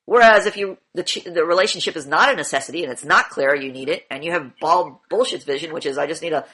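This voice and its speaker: A woman's voice: deep voice, fast, sharp tone, slightly rough. A woman teaching an acting class, blunt and demanding, swearing freely as she questions her students.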